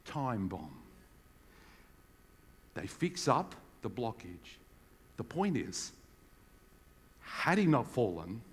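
Bright-voiced man preaching in a hall. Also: fairly high pitch. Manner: animated storytelling, acting out voices of people in the stories. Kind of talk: sermon. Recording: reverberant hall.

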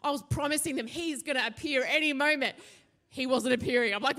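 A woman, a pastor giving a sermon and telling a lively personal story. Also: high voice, moderate pace. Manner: animated storytelling, acts out her own shouting.

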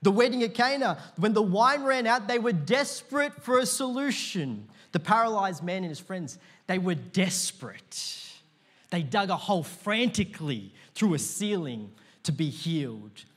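Pastor guy preaching in church, kinda husky, high voice, super chatty and punchy. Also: sing-song, moderate pace. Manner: conversational, many "like, as in" fillers, bursts of shouting. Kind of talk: sermon. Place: church auditorium before a live congregation.

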